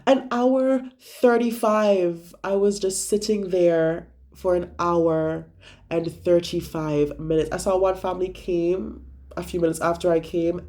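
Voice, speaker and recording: Mellow-voiced young man gossiping. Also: on the high side. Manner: gossipy, profane storytelling with acted-out quotes. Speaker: vlogger. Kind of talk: casual chat.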